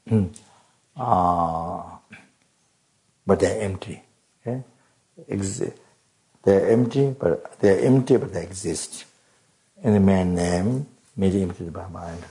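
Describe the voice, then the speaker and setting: A man teaches Buddhist Dharma in a low, gravelly voice. He halts often, repeats words and fills pauses with ums and uhs. Throat-clearing and coughs break up his talk. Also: dark tone, rough recording. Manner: halting, many fillers and repeated words.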